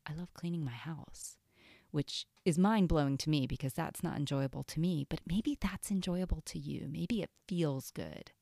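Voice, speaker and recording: A woman's voice: deep voice, vocal fry, dark tone, dry recording, clean studio sound. A woman coach giving an earnest teaching talk on self-care, often asking "right?".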